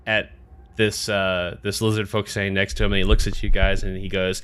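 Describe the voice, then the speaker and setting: A man's voice: deep voice, little pitch movement, brisk, a bit bright, clear, resonant tone. A man narrating as game master in a loose, casual way with many fillers.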